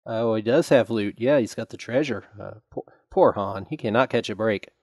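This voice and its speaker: A man's voice: fairly low pitch, moderate pace, darkish tone, dry recording. A man co-hosting a casual comic review, wry and quoting dialogue aloud. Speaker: podcast co-host. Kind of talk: casual chat.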